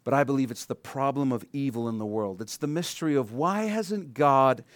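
A man preaching a sermon, animated and acting out the voices he quotes. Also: medium pitch, moderate pace, dry recording. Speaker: pastor. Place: church sanctuary.

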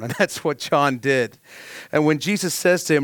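A pastor in his thirties delivers a heartfelt sermon, an ordinary mid-pitched man who turns quiet and tender when the feeling runs deep. His voice is close and dry, with almost no room around it. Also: normal speed, no room sound. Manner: earnest, heartfelt storytelling with sudden soft drops.

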